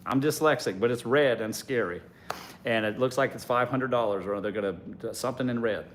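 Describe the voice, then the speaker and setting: A man's voice: mid-range voice, brisk, slight background noise, voice pushed down, lightly acted. A man putting on a fretful pleading girlfriend. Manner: whiny, helpless pleading. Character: woman fretting to a boyfriend about unpaid bills.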